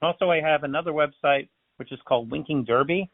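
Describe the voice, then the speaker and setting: A man's voice: fairly high pitch, fast talker, dry recording. A man, a balloon artist and magician, telling stories in a casual interview, acting out the voices in them. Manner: chatty, animated storyteller acting out dialogue. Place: based in Florida. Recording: tinny phone-line sound.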